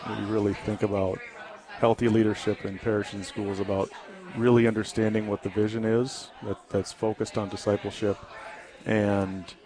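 A man answers questions as a guest on a talk radio show. He speaks earnestly but haltingly, with frequent ums and restarts, and his voice sits somewhat low. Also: little pitch movement, crowd noise. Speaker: guest, ministry founder.

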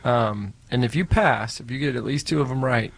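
A man voicing a playfully menacing male rideshare driver with a slow, deliberate, raised voice. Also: mid-range voice, creaky, slightly rough, no room sound. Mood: teasing.

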